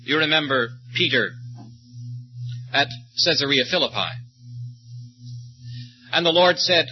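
A man preaching a sermon, speaking slowly and emphatically and stopping to tell short stories. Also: a little high, animated, faint music behind. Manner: slow, emphatic preaching with storytelling asides. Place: meeting or conference hall. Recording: muffled, lo-fi recording with faint hum.

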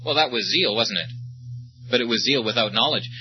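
A man preaching a sermon, speaking slowly and emphatically and stopping to tell short stories. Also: mid-range voice, faint music behind. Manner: slow, emphatic preaching with storytelling asides. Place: meeting or conference hall. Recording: muffled, lo-fi recording with faint hum.

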